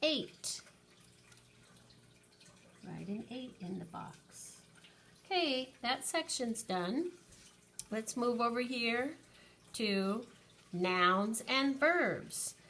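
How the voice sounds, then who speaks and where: A woman teacher slowly and patiently counting aloud through an early-grade lesson for young children. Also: fairly high pitch, expressive, fairly bright tone, a little hiss or hum.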